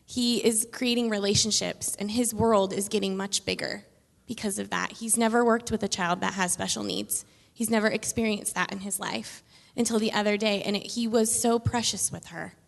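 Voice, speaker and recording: A chatty, expressive woman in her thirties shares stories as a children's pastor. Her voice has a gravelly, fry-laden edge. It rings out in a large church hall with a long reverb. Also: mid-range voice, normal speed. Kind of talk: casual stage conversation in church. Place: church sanctuary.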